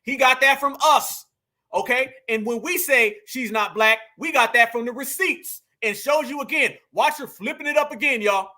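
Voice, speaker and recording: A man's voice: very high-pitched, moderate pace, sharp tone. A man giving emphatic reaction commentary on video clips, repeating himself and calling his viewers family. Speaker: political commentator.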